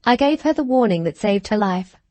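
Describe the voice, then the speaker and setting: A woman's voice: mid-range voice, lively intonation, fairly quick, a little mellow, no echo, close to an everyday voice. A woman reading the part of a spiteful, gushing young woman with a scornful, mocking manner, in an audiobook.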